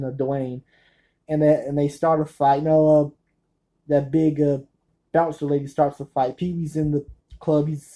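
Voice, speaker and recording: A man's voice: on the high side, dark tone, low-quality recording. A man talking through his movie collection in a casual, nervous way, rambling and often stopping to correct himself. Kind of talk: casual spoken review.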